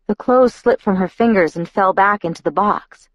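A woman's voice: on the low side, moderate pace, hardly any pauses, no echo, highs cut off. A woman reading a novel aloud in the first person, reflective and inward. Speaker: audiobook narrator.

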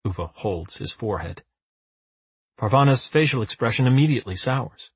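A man reading an audiobook with lively, dry comic timing. His delivery rises and falls a lot, with a slightly husky grain. The recording is close and dry. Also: medium pitch, normal speed, dry recording. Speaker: narrator. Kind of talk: audiobook narration.

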